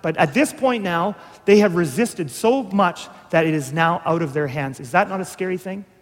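Man, preacher, high voice, conversational sermon, hushed to emphatic, long hall echo. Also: moderate pace.

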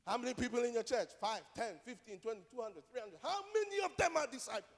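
A man's voice: very high-pitched, expressive, fast, in a large hall. A male pastor preaching a sermon, emphatic and direct, repeating key phrases and asking rhetorical questions.

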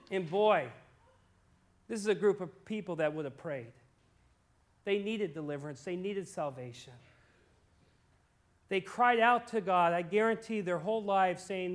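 Guy preaching in church, fairly high voice, gets loud and pleading then drops way down. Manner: impassioned, swings from quiet to loud pleas. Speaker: pastor. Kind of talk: sermon.

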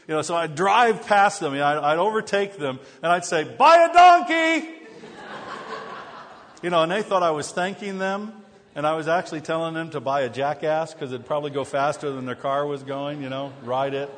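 In a hall with long reverb, a pastor whose voice is a little high and fairly bright preaches at a fairly quick clip. Self-deprecating jokes and funny stories come first, then he shifts to scripture.

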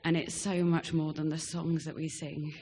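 A woman's voice: sits low, little pitch movement, normal speed, warm tone, slight background noise. A young woman giving a hesitant farewell speech in church, with frequent ums, and reading scripture. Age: young adult. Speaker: departing church member.

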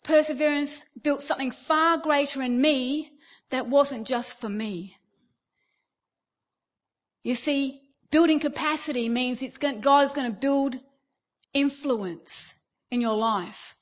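A middle-aged Australian woman with a high voice delivers a sermon. She tells stories with energy and slips into the voices of the people she describes. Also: takes it slowly. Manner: animated storytelling, acting out quoted voices. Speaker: preacher.

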